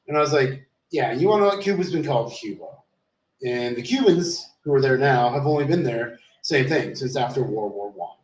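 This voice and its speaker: A man's voice: medium pitch, animated, brisk, recorded from a distance. A man streaming alone, telling a long rambling story, swearing often and restarting his sentences. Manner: rambling, profane, many fillers and restarts. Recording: roomy sound, off the mic.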